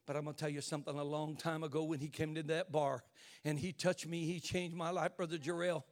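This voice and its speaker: An older man preaching an impassioned sermon as a bishop, dropping to hushed asides and rising to shouts. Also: fairly high pitch, little pitch movement, a little fast.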